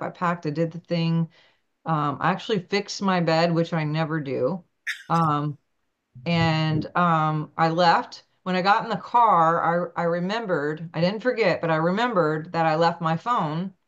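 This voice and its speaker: Lively woman telling stories, lo-fi audio. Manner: animated, acts out quotes with big pitch jumps. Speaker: guest, naturopathic doctor. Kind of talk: storytelling in an interview.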